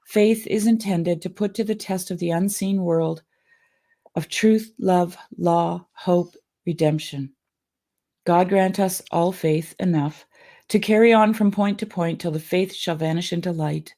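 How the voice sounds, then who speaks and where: A woman with a low, mellow voice reads an old sermon aloud with earnest feeling. Her delivery is heartfelt and measured. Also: steady tone. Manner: earnest, emotional reading. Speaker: guest reading sermons aloud. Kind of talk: reading a sermon aloud, then casual chat.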